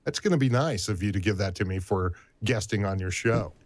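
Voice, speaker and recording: A man's voice: lowish voice, fairly quick, dry recording. A man co-hosting a live stream in casual chat, reading the news and teasing the host with dry humor.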